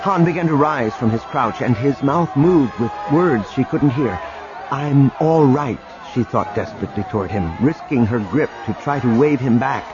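A man narrating an audiobook in a dramatic, expressive reading. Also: mid-range voice, moderate pace, hardly any pauses. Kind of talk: scripted narration. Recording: dull lo-fi recording with music.

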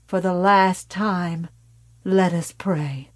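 A woman voicing a zealous, menacing religious mother who speaks in a slow, hushed preaching cadence. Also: on the low side, fairly even intonation, dry recording. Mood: solemn.

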